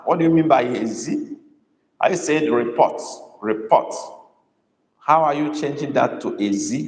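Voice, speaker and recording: Male language tutor in a live class, unhurried and repetitive, echoey room with a long reverb. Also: mid-range voice. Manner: slow, repeats phrases, coaxes students. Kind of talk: live online lesson.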